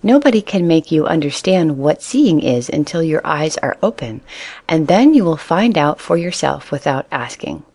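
A woman's voice: low voice, big pitch swings, moderate pace, a little mellow, dry recording, heavily acted. A woman voicing a patient but tired mother rabbit explaining things to her child. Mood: weary.

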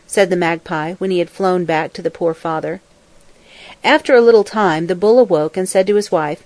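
A woman reading a folk tale aloud in a calm, measured way. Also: on the low side, no room sound. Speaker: storyteller.

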